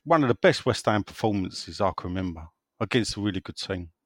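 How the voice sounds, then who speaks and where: A man's voice: on the low side, a little fast, dry recording. A man hosting a football podcast, reading out listener messages in a jokey, laughing way. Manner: jokey, laughs often, lively. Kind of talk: casual chat.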